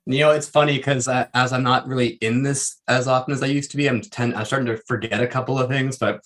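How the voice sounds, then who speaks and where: A man's voice: mid-range voice, steady tone, fast, fairly bright tone. Male guest on a stream call, playful and teasing, casual delivery. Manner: joking, teasing, laughs at his own jokes. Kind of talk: casual chat.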